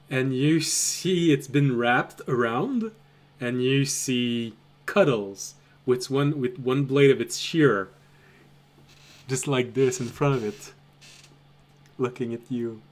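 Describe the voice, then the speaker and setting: A man running a tabletop game as game master, narrating the scene and laughing often. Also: mid-range voice. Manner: laughs often, chatty and relaxed.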